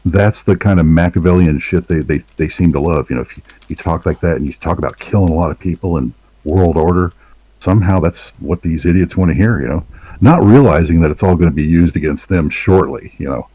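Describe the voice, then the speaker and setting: A man's voice: low-pitched, brisk, dark tone, breathy edge, no echo. A man co-hosting a casual satirical chat, speaking in a sarcastic, mocking way and chuckling often.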